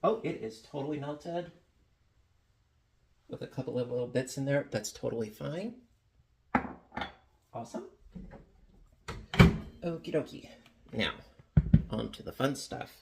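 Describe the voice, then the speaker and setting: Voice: mid-range voice, normal speed, creaky, long pauses, heavy background noise. A home baker chatting casually in a kitchen while demonstrating a recipe, playful and full of jokey asides. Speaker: home baking vlogger.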